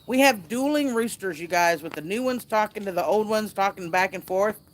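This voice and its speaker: A woman's voice: medium pitch, normal speed, noisy background. A woman hosting a casual outdoor livestream by a fire, chatting and reading viewer comments aloud. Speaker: livestream host.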